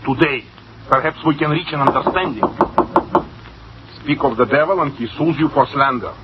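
An actor playing a meek, sly cashier and bookkeeper with a pleading, wheedling way of talking, in 1940s radio acting on a dull, lo-fi old radio recording. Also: male voice, on the high side, normal speed, heavy background noise, natural voice.

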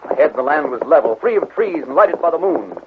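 A man's voice: on the high side, lively intonation, brisk, very noisy. A man narrating an adventure story in a vivid, dramatic storytelling style for an old radio drama. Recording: tinny old radio broadcast with music.

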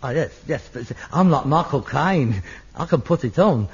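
An actor playing a grumpy, indignant working-class son. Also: male voice, medium pitch, animated, moderate pace, slightly rough. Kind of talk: sitcom acting. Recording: dull lo-fi old TV recording.

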